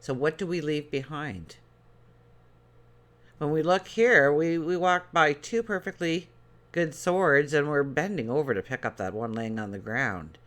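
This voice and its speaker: A man's voice: fairly high pitch, a little slow, a bit bright. Earnest man giving a tarot reading. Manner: earnest, rambling, with many fillers and restarts. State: choked up. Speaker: tarot reader. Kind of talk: daily tarot reading to viewers.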